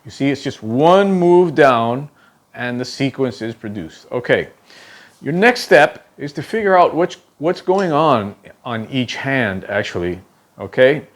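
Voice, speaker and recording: A man teaching a drum technique, explaining step by step, counting aloud while he demonstrates, and often checking in with "okay?". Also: medium pitch. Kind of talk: instructional demonstration.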